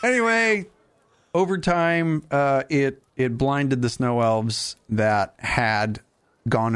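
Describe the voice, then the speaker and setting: A man hosting a casual gaming podcast, animated and jokey, with quick asides. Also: medium pitch. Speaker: podcast host.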